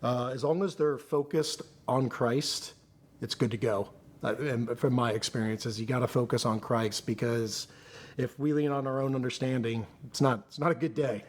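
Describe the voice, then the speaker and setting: Male interview guest, mid-range voice, candid and halting delivery. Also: mid-range voice, fairly even intonation. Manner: earnest, halting, restarts often. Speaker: podcast guest.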